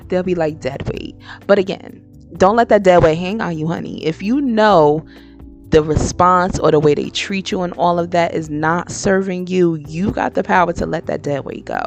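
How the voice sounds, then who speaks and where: A woman hosts her own podcast with a lowish voice full of gravelly fry. She gives frank, slangy advice in a loose, conversational monologue. Faint music plays underneath. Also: normal speed. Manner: frank, slangy and animated, switching into impressions. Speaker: podcast host. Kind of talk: casual motivational monologue.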